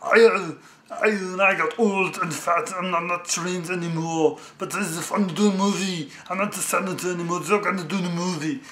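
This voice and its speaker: Man doing a booming action-star impression. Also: steady tone, fairly quick, fairly bright tone. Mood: boastful. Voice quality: gruff, booming, exaggerated accent. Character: loud muscular action-star man, heavy accent. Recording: echoey room.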